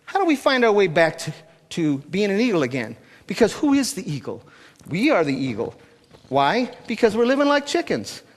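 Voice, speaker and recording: A man telling a traditional story live on stage, animated and teasing the audience with asides. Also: high voice, normal speed. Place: stage at a cultural gathering. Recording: long hall reverb.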